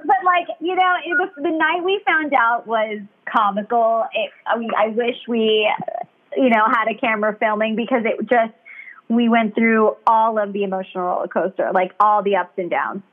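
A woman's voice: fairly high pitch, normal speed. A young woman talking in a chatty, rambling, candid way during casual conversation. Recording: tinny phone-like sound.

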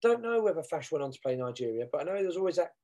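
A fast-talking man, bantering on a fan podcast. He jokes easily and turns to speak straight to the listeners. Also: fairly high pitch, sing-song, mellow. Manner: quick, jokey, asks the listeners in. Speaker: podcast co-host. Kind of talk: casual chat.

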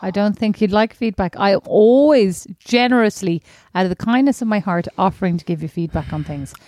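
A woman's voice: mid-range voice, fairly quick, mellow, no room sound. Teasing woman, dry close sound. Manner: blunt, teasing, swears freely. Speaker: podcast co-host, older sister. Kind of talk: casual sisters' chat.

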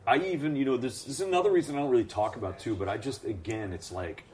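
A man who works as a ring announcer, telling stories in a lively, animated way during a casual interview. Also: mid-range voice, fast. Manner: animated storyteller, acts out voices.

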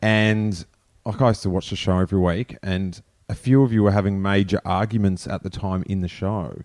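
A man's voice: low voice, fairly even intonation, moderate pace, darkish tone. A man hosting a casual chat show, asking questions with dry, teasing humour.

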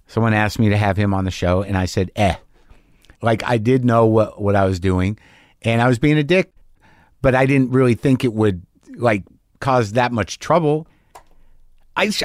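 A man's voice: on the low side, a little mellow, no echo, clean studio sound. A middle-aged man, a stand-up comic and host, telling a candid, profane story and acting out both sides of an argument.

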